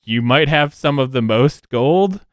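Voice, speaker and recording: A man voicing Fergus, an earnest young prince, in a tabletop game, speaking in slow, questioning tones. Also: mid-range voice, animated, no room sound, clean studio sound, pitched above the performer's own voice, close to an everyday voice.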